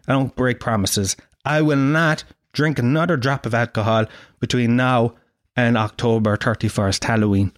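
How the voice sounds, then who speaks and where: A man's voice: medium pitch, dry recording, studio quality. Sweary Irish man, comic monologue. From Ireland. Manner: sweary, sarcastic, self-mocking. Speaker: podcast host.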